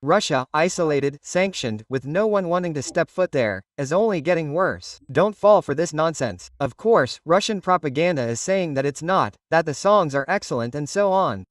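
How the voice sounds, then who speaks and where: A man's voice: fairly high pitch, lively intonation, normal speed, hardly any pauses, no room sound, studio quality, far from the mic. A man giving opinionated news commentary in an emphatic way, often tagging his points with "right?". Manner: emphatic, keeps asking "right?".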